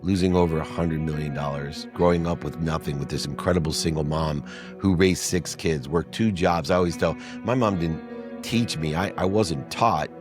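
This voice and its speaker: A man's voice: a bass voice, normal speed, over music. A middle-aged man, an entrepreneur and speaker, telling an earnest personal story as a podcast guest. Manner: earnest, re-enacts dialogue in raised voices. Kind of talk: emotional storytelling.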